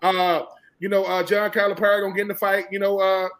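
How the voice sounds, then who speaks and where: A man from Georgia with a Southern American accent, a former college football player talking football as a guest in an animated, emphatic way and often repeating himself. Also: sits high, quick pace, rough recording. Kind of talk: casual sports talk.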